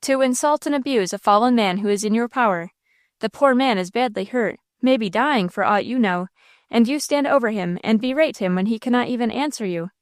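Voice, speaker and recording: Woman doing a wild young heroine, high, breathless and pleading, dry close sound. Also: fairly quick, no room sound, lightly acted. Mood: reproachful.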